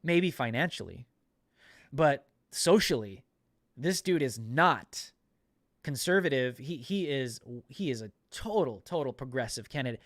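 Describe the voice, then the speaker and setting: A man's voice: mid-range voice, animated, a little slow, dry recording, clean studio sound. A man hosting a podcast, giving emphatic, conversational political commentary with frequent repetition. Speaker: podcast host.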